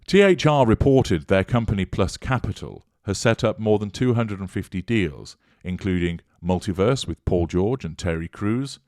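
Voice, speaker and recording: A man with a very low voice delivers scripted commentary, dripping with scorn and sarcasm. His voice is recorded close and dry, with no room sound. He reads out news lines and then picks them apart. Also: a little mellow, no room sound.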